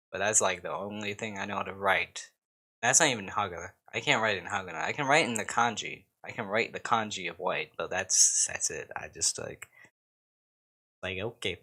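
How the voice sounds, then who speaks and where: A man's voice: lowish voice, bright, forceful tone. A man from the United States rambling casually to camera as a YouTuber, swearing often and poking fun at himself. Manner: rambling, swearing and self-mocking. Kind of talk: casual vlog chat.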